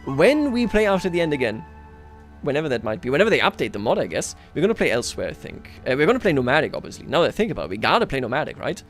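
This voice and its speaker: Rapid-fire and sing-song, his fairly high, somewhat bright voice carries casual commentary as he plays a strategy game live for his chat. He chuckles often and teases himself, with soft music behind him.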